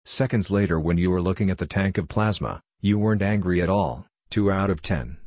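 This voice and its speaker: A man reading the lines of a calm, odd-talking male scientist in a story, in a measured, matter-of-fact way. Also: low-pitched, no room sound, clean studio sound, close to an everyday voice.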